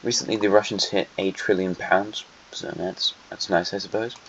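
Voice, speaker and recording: Rambling man, low voice. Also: fairly even intonation, moderate pace, a bit bright, a little hiss or hum. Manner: rambling, self-correcting, wry asides. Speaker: host. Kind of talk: casual map commentary. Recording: dull lo-fi sound.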